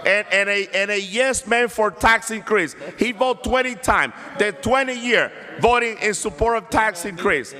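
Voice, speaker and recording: A man's voice: sits high, measured pace, few pauses, pushed and bright, long reverb tail. A man speaking as a city councilman at a council meeting, combative and impassioned, repeating his points. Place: council chamber.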